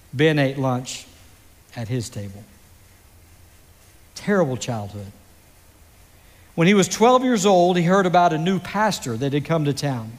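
A high-voiced male pastor preaching at an unhurried pace, building the story slowly with long dramatic pauses. His voice rings out with a long hall reverb from a church sanctuary. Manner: slow, dramatic delivery with pauses. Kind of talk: sermon storytelling.

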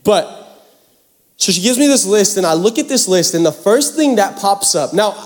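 During a sermon, a young male pastor from the Pacific Northwest tells a camp story with animated, self-mocking drama. His voice sits high at a moderate pace, with hall reverb around it.

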